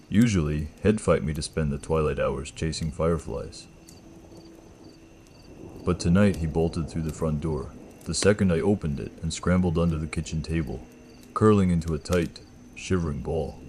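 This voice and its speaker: A man with a slight gravel in his throat, telling a first-person horror story in a slow, measured, ominous way. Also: very deep voice, a little mellow, slight background noise.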